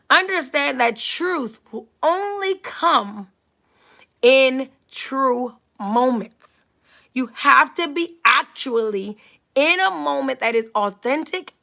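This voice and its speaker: A woman's voice: sits high, gravelly, sharp tone. A young adult woman giving a motivational talk in an emphatic, repetitive preaching cadence, her voice slightly scratchy from allergies. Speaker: motivational speaker.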